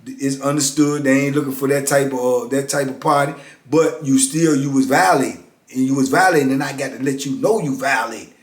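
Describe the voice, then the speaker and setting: A man's voice: medium pitch, a little fast. A middle-aged man, a former prisoner, telling a story in a blunt, streetwise, casual way. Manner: blunt, streetwise, repeats "you know what I'm saying". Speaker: former prisoner and motivational speaker. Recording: echoey room.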